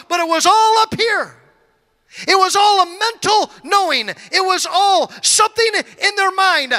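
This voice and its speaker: High bright-voiced preaching pastor. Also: male voice, long reverb tail. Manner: emphatic preaching, calls of amen, slows to stress words. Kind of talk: sermon.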